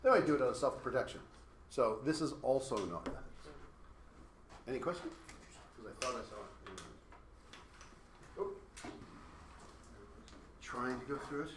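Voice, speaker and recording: A man teaches a class in a casual lecture, working through hypothetical examples. His mid-range voice is animated and unhurried with frequent pauses, recorded in an echoey classroom with faint noise.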